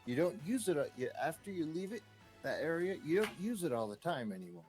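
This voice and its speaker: Halting, casual male co-host. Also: a little high, big pitch swings, a little mellow, soft background music. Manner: halting, restarts sentences. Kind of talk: casual stream chat.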